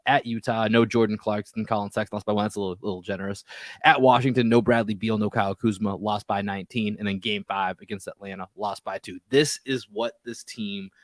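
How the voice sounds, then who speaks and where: A man hosting a sports podcast, talking fast with frustrated restarts about a lost game. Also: on the low side, fairly even intonation, dry recording, studio quality. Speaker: podcast host.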